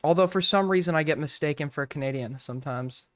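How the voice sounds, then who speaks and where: A male streamer with a high, crisp voice rambles through crude, irreverent commentary. The sound is dry and close. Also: fast, a bit bright, no echo. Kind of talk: casual live-stream commentary.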